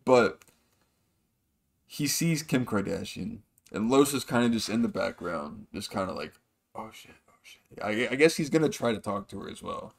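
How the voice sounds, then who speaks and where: A man's voice: medium pitch, gravelly. A man hosting a podcast, telling a long story in a rambling, profane way and acting out other people's lines. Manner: rambling, profane, acts out quotes with shifting voices. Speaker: podcast host. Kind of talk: casual storytelling monologue.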